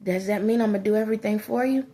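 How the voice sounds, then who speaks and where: A woman's voice: mid-range voice, very fast, mellow. A woman giving a preachy monologue to her viewers as a spiritual advisor, scolding them with emphatic repetition.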